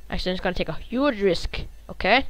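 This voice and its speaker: A woman hosting a gaming channel gives live gameplay commentary, excitable and reactive, cursing and humming little tunes. Her voice is medium-pitched and fast, on a dry recording with poor audio.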